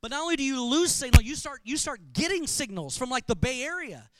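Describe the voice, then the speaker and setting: Pastor, male, high bright voice, smooth and crisp, dry close sound; animated, joking sermon delivery. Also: brisk, dry recording. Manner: animated storytelling with humor.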